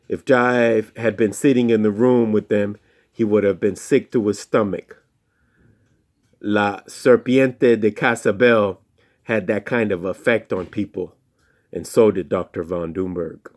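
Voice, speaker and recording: Low voiced guy reading a story real slow and quiet. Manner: slow, hushed and deliberate, with call-and-response chants. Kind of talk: spoken children's storytelling.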